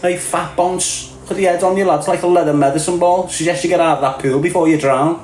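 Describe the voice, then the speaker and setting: A middle-aged Liverpool man with a Scouse accent hosts a casual livestream rant, his voice a little high, darkish, brisk and fairly even in intonation. He trades mocking, streetwise banter, laughs often and calls everyone "lad". The room echoes, with faint music behind him.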